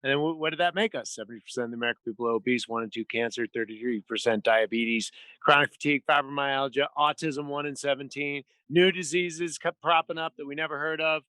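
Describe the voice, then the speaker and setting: Bright, emphatic male podcast guest. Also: medium pitch, fast talker, few pauses, no echo. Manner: emphatic, rattles off lists and figures. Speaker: podcast guest, health author. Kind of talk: casual conversation.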